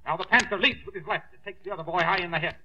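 Boxing announcer, highish voice, old dull radio sound. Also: male voice, full character voice. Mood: commentary. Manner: loud, drawn-out announcing, then steady play-by-play. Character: ring announcer calling a boxing match. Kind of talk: 1940s radio comedy acting.

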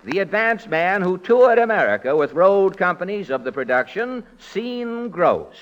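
A man hosting a 1940s radio comedy show, trading wry, quick comic patter. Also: sits high, very animated. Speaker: comedian host. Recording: dull lo-fi 1940s radio broadcast.

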